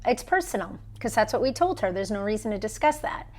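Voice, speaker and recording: A woman's voice: medium pitch, very animated, fairly quick, darkish tone. A woman in her thirties on a phone live stream, telling a story in an emphatic way and acting out the people she quotes. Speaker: vlogger.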